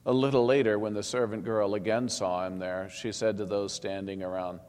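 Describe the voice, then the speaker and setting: A man reading a Bible passage aloud in a steady, solemn manner. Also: lowish voice, normal speed. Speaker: scripture reader. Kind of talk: scripted Bible narration. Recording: long hall reverb.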